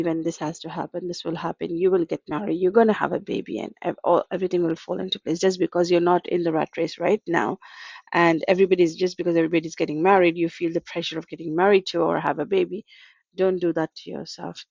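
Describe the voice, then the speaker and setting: A woman's voice: on the low side, fairly even intonation, quick pace, gravelly, darkish tone, breathy edge, no echo, highs cut off. A woman counsellor from Australia, talking through client stories in a conversational way and acting out their lines. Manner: conversational, anecdotal, acts out client quotes. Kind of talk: talk.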